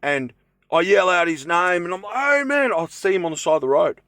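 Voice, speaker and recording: A man's voice: on the high side, fairly quick, creaky, fairly bright tone, no echo, studio quality. A young man chatting casually to camera from his van, rambling with lots of fillers and restarts. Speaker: vlogger. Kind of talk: casual vlog talk to camera. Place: inside his camper van.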